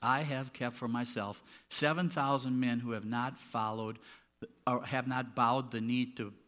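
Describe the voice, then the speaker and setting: This man's sermon moves at an unhurried pace, his mid-range, slightly bright voice holding a fairly even intonation. As pastor, he speaks conversationally in the sanctuary and leans into emphasis for key points, with popping from a handheld or clip mic.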